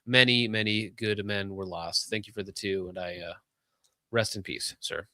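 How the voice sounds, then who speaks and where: A man hosting a casual livestream, reading donations with sarcastic jokes and quick asides. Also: fairly low pitch, fairly even intonation, pushed and bright, no room sound, clean studio sound.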